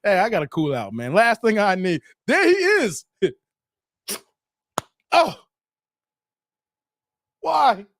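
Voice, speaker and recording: A man's voice: sits high, very animated, takes it slowly, pauses often, fairly bright tone. A man casually reacting on a livestream, joking, laughing often and repeating himself with a loose, playful delivery. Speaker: streamer reacting to dating show clips.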